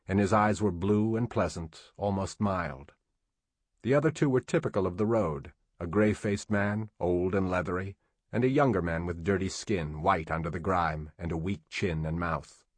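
Man, very deep voice, dry close sound, steady audiobook narration. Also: dry recording. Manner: steady, measured storytelling.

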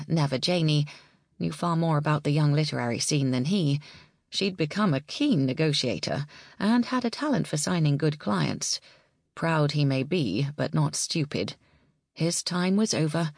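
Low-voiced woman narrating. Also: gravelly, no room sound, clean studio sound. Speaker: audiobook narrator. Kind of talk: scripted narration.

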